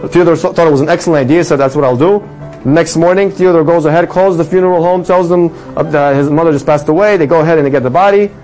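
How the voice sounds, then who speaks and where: A man telling a religious story with a moral in an animated sermon style, his voice rising for the dramatic lines. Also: on the high side, quick pace, soft background music, poor audio. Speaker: storyteller teaching a religious lesson.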